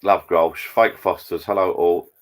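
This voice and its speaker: A man's voice: sits low, steady tone, measured pace. A man hosting a casual live chat from his garden bar. He rambles and greets viewers by name. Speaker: live stream host. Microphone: laptop.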